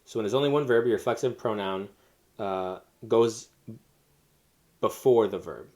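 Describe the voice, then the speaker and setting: A man's voice: on the low side, moderate pace, a little mellow. A man teaching a Spanish lesson, explaining step by step with fillers and self-corrections. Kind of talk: recorded classroom lesson.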